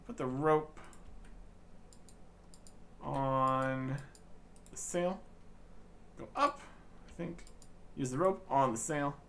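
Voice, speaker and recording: A man's voice: fairly high pitch, fairly bright tone. A man narrating his own gameplay with dry, joking commentary as a gaming channel host. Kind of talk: let's-play commentary.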